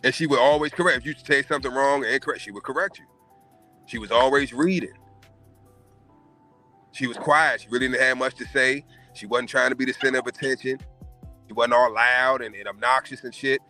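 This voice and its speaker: A man hosts a casual talk show and holds forth with blunt, profane emphasis. His voice is bright and forceful at a middling pitch. Faint music sits underneath. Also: fairly even intonation, a little fast. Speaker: podcast host. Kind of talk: casual opinion chat.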